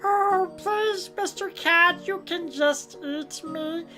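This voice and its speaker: Woman doing a baby duckling, very high squeak, slow pleading lines, cartoon sweetness, soft music behind. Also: exaggerated voice.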